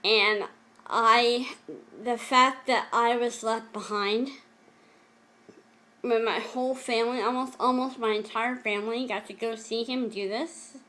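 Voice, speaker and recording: A woman vlogger talking earnestly and emotionally to camera in a personal confessional video, at times halting. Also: fairly high pitch, fairly even intonation, sharp tone. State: emotional, close to tears.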